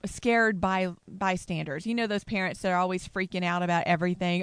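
A woman's voice: on the low side, a little fast, few pauses, clear, resonant tone, dry recording. A woman co-hosting a casual chat about parenting, earnest, laughing often, acting out quotes. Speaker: co-host, mother.

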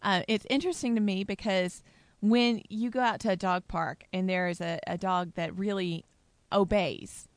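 A woman's voice: mid-range voice, fairly even intonation, moderate pace, no room sound. A woman co-hosting a casual chat about parenting, earnest, laughing often, acting out quotes. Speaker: co-host, mother.

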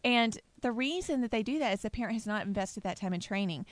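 A woman's voice: a little high, animated, quick pace, no echo. A woman co-hosting a casual chat about parenting, earnest, laughing often, acting out quotes. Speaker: co-host, mother.

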